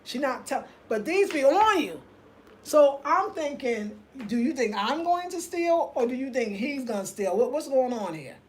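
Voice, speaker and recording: A woman, telling a story in a casual live chat, animated and laughing often, reading viewer comments aloud. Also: sits high, normal speed. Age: 50s. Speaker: livestream host.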